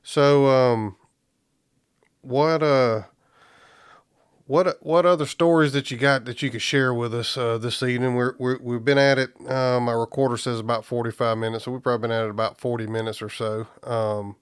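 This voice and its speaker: Flat-voiced podcast host. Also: male voice, mid-range voice, moderate pace, clean tone, dry recording, clean studio sound. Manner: easygoing, repeats words while thinking. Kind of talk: casual interview.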